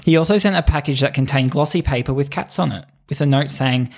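A man's voice: mid-range voice, fast talker, few pauses, darkish tone. A man co-hosting a podcast, telling stories in casual chat with lots of laughing and swearing. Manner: giggly, swears often. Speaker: podcast co-host.

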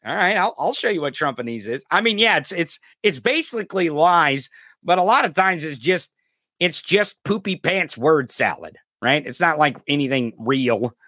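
Male host with a high, bright voice, delivering sarcastic, profane political rants. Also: animated, moderate pace, dry recording, clean studio sound. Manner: profane, angry and sarcastic ranting. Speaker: podcast host. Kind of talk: political commentary rant.

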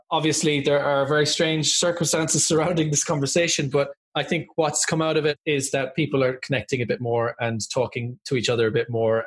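A man hosting a podcast, reading a guest introduction and then chatting with enthusiasm. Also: mid-range voice. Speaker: podcast host. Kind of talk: scripted introduction and casual interview. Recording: music playing behind the voice. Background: music.

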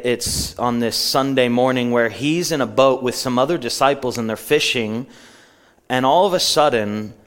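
A man's voice: mid-range voice, a bit bright. Middle-aged male pastor, mid-range voice, preaching and retelling a story. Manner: storytelling, slows down for emphasis and quotes. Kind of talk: sermon. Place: church.

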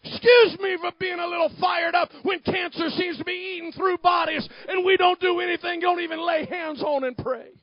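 A male pastor preaching a fiery sermon, swinging between hushed asides and shouted declarations. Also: extremely high pitch, steady tone, normal speed, hardly any pauses, no echo, muffled recording.

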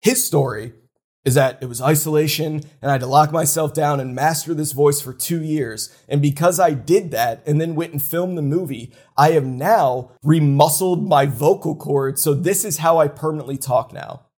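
A man with a slightly high, husky voice talks fast and animated. He is opinionated and worked up in a playful way. It is a casual chat with a co-host.

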